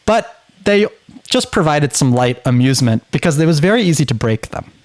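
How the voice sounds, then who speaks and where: A man's voice: on the high side, brisk, no echo. Male podcast co-host, casual and enthusiastic, dry close sound. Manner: enthusiastic, animated storyteller. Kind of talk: casual chat.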